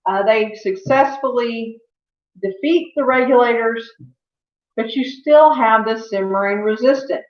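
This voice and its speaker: A woman's voice: fairly high pitch, a little slow. A woman giving a history lecture as a teacher, conversational, with fillers and self-corrections. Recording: echoey, dull lo-fi room sound.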